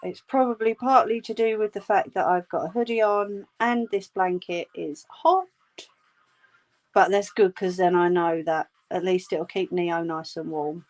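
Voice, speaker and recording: A woman with a low, slightly mellow voice, fairly even intonation and a measured pace crochets on a livestream from home. She chats casually in reply to comments, reassuring her viewers and calling them "love" in a homely way.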